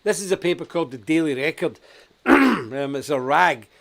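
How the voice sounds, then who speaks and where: A man's voice: fairly high pitch, lively intonation, moderate pace, vocal fry, a bit bright. Male host from Scotland, blunt and emphatic, mid-range voice, chuckles through his anecdotes. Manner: blunt, emphatic, laughs at his own stories. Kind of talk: live online talk show chat.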